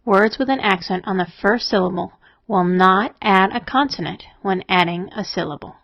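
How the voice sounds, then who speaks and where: A woman narrating a scripted spelling lesson, explaining rules in a steady, methodical way. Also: medium pitch, moderate pace, creaky, dry recording. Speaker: spelling teacher. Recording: dry, dull lo-fi voice-over.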